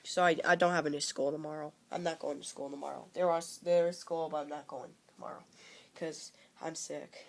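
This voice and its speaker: A young man in his teens with a cold, rambling casually about movies he likes and dislikes, with frequent halting restarts. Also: a little high, fairly even intonation, vocal fry. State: coming down with a cold. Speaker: vlogger.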